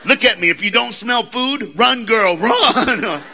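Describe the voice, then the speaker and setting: Bright-voiced Southern man working a crowd. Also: extremely high pitch, slow pace, breathy edge, faint music behind. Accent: Southern American. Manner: animated, engages the crowd with call-outs and questions. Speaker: motivational speaker. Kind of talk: live motivational speech to students. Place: school assembly hall.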